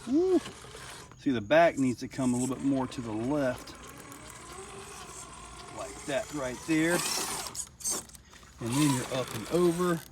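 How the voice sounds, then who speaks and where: A middle-aged man talks his way through an outdoor run, chatty and quick to get excited. He speaks at an unhurried pace, sitting some way off from the microphone. Faint outdoor ambience hangs behind him. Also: mid-range voice. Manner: chatty, excitable, laughs often. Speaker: RC hobby reviewer. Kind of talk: casual outdoor commentary while driving. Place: outdoors on a rock trail. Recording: distant mic, faint outdoor noise.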